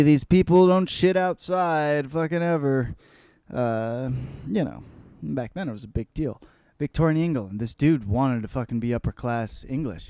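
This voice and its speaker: A man's voice: mid-range voice, dark tone, no echo. Profane rambling man host, dry close sound. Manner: profane, rambling, puts on voices for characters. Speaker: podcast host. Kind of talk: crude comedic book report.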